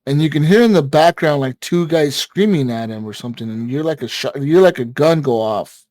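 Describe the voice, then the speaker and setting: A man's voice: a little high, a little fast, darkish tone, no echo. A man casually telling a long story on a gaming podcast, rambling with lots of fillers and swearing. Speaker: podcast co-host.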